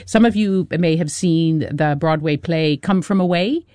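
A woman in her sixties from eastern Canada with a soft Canadian accent, a journalist chatting animatedly as a radio guest and laughing often. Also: fairly low pitch, measured pace, dry recording, clean studio sound. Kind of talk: radio interview conversation.

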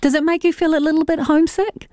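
A woman's voice: extremely high pitch, steady tone, quick pace, a little mellow, no echo. Playful teasing woman host. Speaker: radio host. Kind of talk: casual interview.

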